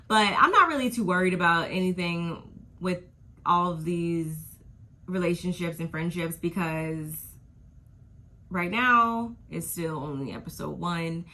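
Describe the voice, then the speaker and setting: A woman vlogger talks through a reality show episode in a loose, gossipy way, tossing in slang as she goes. Her voice sits a little low yet comes across bright and forceful. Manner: gossipy, slangy, drifts into quoting people. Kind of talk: casual chatty episode recap.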